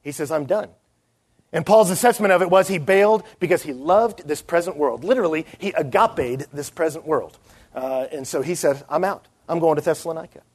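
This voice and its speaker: A middle-aged man delivering a sermon, his voice sitting high for a man. He tells stories with energy and acts out the people he quotes. It is a church talk for a conference. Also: fairly quick. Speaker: pastor.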